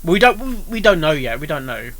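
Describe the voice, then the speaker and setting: A man's voice: a little high, sing-song, brisk, a crowd in the background. A man moderating a casual fan panel, asking questions and stumbling over his words. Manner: asks questions, stammers and repeats.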